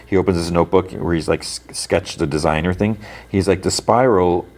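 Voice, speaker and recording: A man's voice: sits low, steady tone, a little fast, darkish tone. A man hosting a podcast, casually retelling scenes from a show with lots of fillers and quoted lines. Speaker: podcast host. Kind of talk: casual plot recap.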